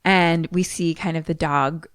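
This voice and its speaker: A woman co-hosting a podcast, recapping a film in an animated, chatty way full of "like". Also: sits low, unhurried, smooth, no echo, clean studio sound. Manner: chatty, animated retelling with lots of "like". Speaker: podcast co-host. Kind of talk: casual movie recap chat.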